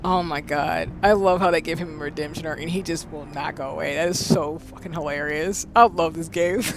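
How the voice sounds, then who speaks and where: A woman streamer reacting excitably and emotionally as she plays a video game, swearing now and then. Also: lowish voice, noisy background.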